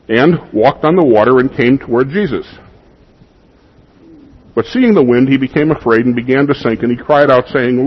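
Husky-voiced man preaching a sermon. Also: mid-range voice, expressive, moderate pace, pauses often. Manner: conversational preaching, asks rhetorical questions. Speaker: pastor. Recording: dull lo-fi recording.

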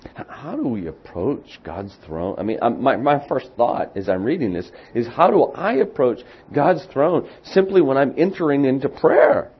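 A man preaching a sermon as pastor, speaking with deliberate emphasis that swells into loud, excited peaks. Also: medium pitch, husky, lo-fi sound.

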